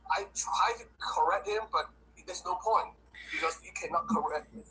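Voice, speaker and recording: Bright-voiced indignant podcast guest, a man. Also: fairly high pitch, normal speed, slight background noise, rough recording. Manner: indignant, animated storytelling. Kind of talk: casual podcast chat.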